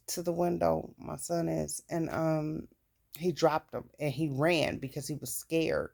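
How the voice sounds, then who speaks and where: Slow, gravelly woman telling her story. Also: sits low, a little mellow. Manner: candid and plain-spoken, with casual swearing. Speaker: vlogger. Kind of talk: personal storytelling.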